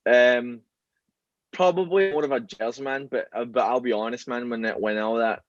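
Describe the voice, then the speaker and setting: A man's voice: medium pitch, steady tone, normal speed, dry recording, dull audio. A man with a Glaswegian Scottish accent chatting casually as a podcast guest, rambling with lots of fillers and restarts. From Scotland. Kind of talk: casual chat.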